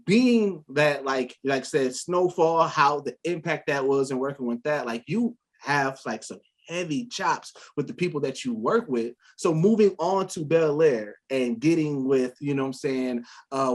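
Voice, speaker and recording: A man hosting a casual interview, relaxed, nodding along and asking long, rambling questions. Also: medium pitch. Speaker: interview host.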